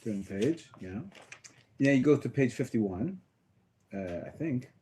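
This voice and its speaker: A man teaching a small class as a rabbi, talking casually about a text with halting phrasing, many fillers and restarts. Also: mid-range voice, expressive, dark tone, a little hiss or hum.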